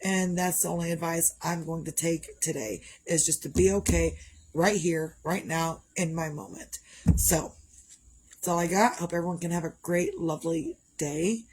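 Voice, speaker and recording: A woman with a somewhat low-pitched voice talks through a casual motivational vlog. She sounds tired and a little winded, and her delivery is candid and rambling, circling back over the same points. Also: fairly even intonation, normal speed, darkish tone, low-quality recording. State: tired and a bit out of breath. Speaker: vlogger.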